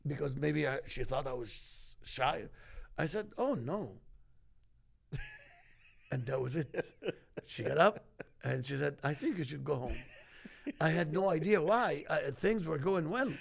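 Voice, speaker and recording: A middle-aged man from Egypt, hosting a casual chat and telling animated stories. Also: fairly high pitch, a little slow, vocal fry, pauses often. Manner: animated storyteller, acts out quoted voices. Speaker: host.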